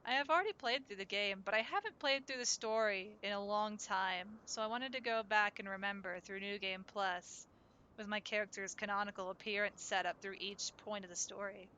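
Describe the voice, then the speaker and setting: A woman's voice: mid-range voice, normal speed, pushed and bright, clean tone. A woman streaming a story game live, chatting with viewers as she plays and laughing often. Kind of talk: live let's-play commentary.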